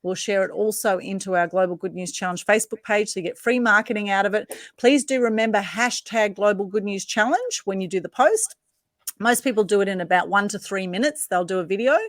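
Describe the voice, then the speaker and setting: A woman's voice: mid-range voice, a little fast, no echo, clean studio sound. A woman hosting a live online interview, effusive and chatty. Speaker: host.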